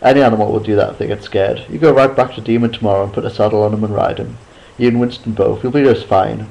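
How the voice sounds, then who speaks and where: A man voicing an easygoing middle-aged farmer who talks with calm reassurance. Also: on the low side, fast talker, gravelly, low-quality recording. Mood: reassuring.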